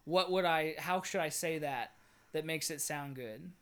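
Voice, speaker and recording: A man's voice: a little high, unhurried, a bit bright, smooth. Young adult man, loose and chatty, keeps restarting his lines and cracking jokes. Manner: rambling, self-correcting, joking. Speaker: job seeker recording a video resume. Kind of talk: casual chat between rehearsed takes.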